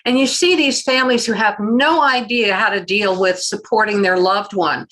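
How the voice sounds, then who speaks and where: Measured woman author on an interview. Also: medium pitch, fairly bright tone, poor audio. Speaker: guest author and chaplain. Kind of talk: interview with read-aloud passage.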